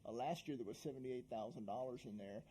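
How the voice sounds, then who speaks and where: A man's voice: medium pitch, fast, background noise. A man at a town board meeting explaining budget accounts in plain, practical terms. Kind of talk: meeting discussion.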